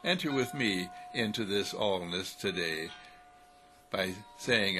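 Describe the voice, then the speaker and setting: A man's voice: low voice, expressive, slow, bright, forceful tone. A man giving an inspirational sermon with a repetitive, sing-song cadence, chuckling between phrases. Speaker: spiritual speaker. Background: faint music.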